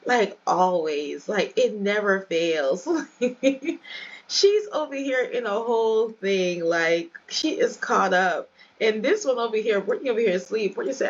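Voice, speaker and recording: A woman's voice: medium pitch, expressive, a little slow, lo-fi sound. A woman hosting a let's play, giving chatty, casual commentary and addressing viewers directly.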